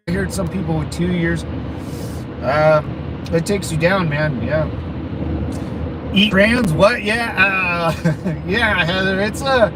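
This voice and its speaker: High-voiced man rambling over street noise. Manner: rambling, laughs often between words. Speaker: livestream host answering chat. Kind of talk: casual livestream chat.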